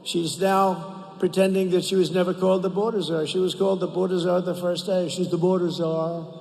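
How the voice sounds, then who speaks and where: An older man delivering a rambling campaign speech in a big arena, his voice pitched fairly high for a man. He repeats phrases for emphasis and keeps turning to the crowd. A long reverb fills the hall, with faint crowd murmur underneath. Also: little pitch movement, brisk, gravelly, darkish tone, slight background noise. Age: 70s. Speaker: political speaker at rally. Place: large indoor arena.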